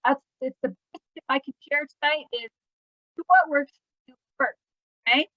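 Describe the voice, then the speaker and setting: A woman's voice: high voice, moderate pace, no echo, dull audio. A woman leading a live team training for her jewelry business, upbeat and chatty, asking rhetorical questions and answering them herself.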